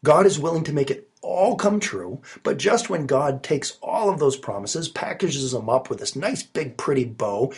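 Husky-voiced pastor with a cold. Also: male voice, mid-range voice, darkish tone. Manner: earnest, emphatic with rising stresses. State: has a cold. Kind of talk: sermon. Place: his study.

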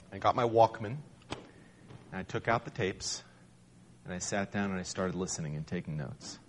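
A man's voice: fairly low pitch, slight background noise. Man telling a wry personal story. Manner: conversational, wry and self-deprecating. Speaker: speaker sharing a personal testimony. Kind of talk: storytelling talk.

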